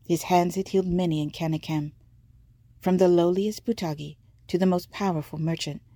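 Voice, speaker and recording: A woman reading a story aloud in a measured, vivid narrating manner. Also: on the low side, steady tone, mellow, dry recording. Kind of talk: scripted audiobook narration.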